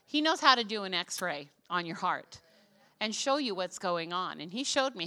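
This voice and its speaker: Bright-voiced pastor woman preaching with humor. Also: mid-range voice, moderate pace. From Canada. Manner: animated storytelling, self-deprecating humor. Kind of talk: sermon. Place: church stage before a congregation.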